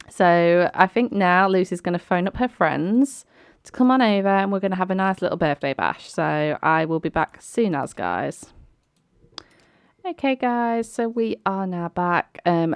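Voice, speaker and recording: A woman's voice: fairly low pitch, clear, resonant tone, dry recording, clean studio sound. A young woman hosting a life-sim game let's play, chatting casually with lots of fillers and sudden exclamations. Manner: chatty, filler-heavy, quick to laugh and exclaim. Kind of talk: casual gameplay commentary.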